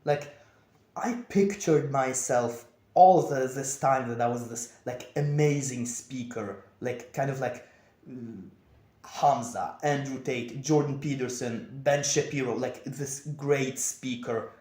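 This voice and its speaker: A young man talking in a confessional vlog, with a monotone, over-enunciated delivery. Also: mid-range voice, slow pace. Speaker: vlogger. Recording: echoey room.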